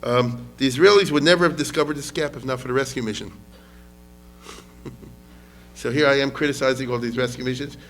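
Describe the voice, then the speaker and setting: A man teaching history in a loose, conversational way, with a voice of middle pitch. He keeps checking in with his listeners and drops Hebrew words into his talk. Faint music plays softly behind him. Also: normal speed, long pauses. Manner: conversational, asks the audience questions often. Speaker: rabbi and history lecturer. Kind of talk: lecture.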